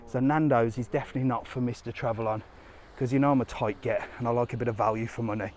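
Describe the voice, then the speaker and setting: A man's voice: medium pitch, steady tone, fast, a little mellow, a little hiss or hum. A chatty man talks straight to his phone as he walks outdoors along a seaside promenade. His commentary rambles and turns cheeky, with an ordinary mid-range voice. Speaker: travel vlogger. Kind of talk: live walking vlog.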